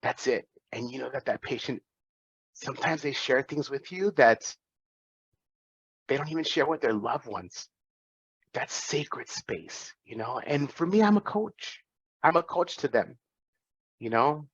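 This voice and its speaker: A man's voice: mid-range voice, unhurried, long pauses, slightly rough, no room sound, dull audio. A man in his forties, a physician giving an earnest, reflective talk to students, often restarting his phrases. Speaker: physician and guest speaker.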